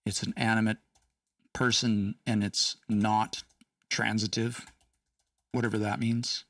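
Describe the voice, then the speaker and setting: Man, livestream lesson, slow relaxed delivery, dry slightly distant mic, keyboard clicks. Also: on the low side, no echo. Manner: chatty, laughs, reads chat aloud. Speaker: livestream language teacher.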